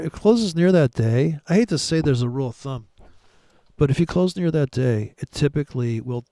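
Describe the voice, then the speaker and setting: A man's voice: mid-range voice, warm tone, no room sound, clean studio sound. A man giving crude, sarcastic commentary while trading live charts. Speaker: forex trader.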